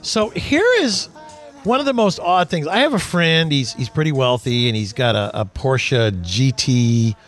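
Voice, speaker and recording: A man's voice: mid-range voice, unhurried, soft background music. A man hosting a casual car talk radio show, telling stories and acting out quotes. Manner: animated storyteller, acts out quotes.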